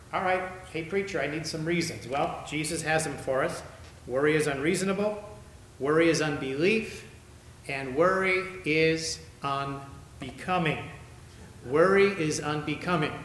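A man preaching a sermon as pastor, emphatic, his voice climbing high when he reads verses. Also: fairly bright tone, a little hiss or hum. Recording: echoey room with faint ambience.

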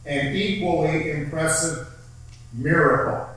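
A man preaching a sermon at a very unhurried pace, leaning on repeated phrases for emphasis. His voice sits a bit high for a man. It is heard from a distance in a large, strongly echoing hall. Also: a bit bright. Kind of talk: sermon with scripture reading. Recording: very echoey room, heard from far off.

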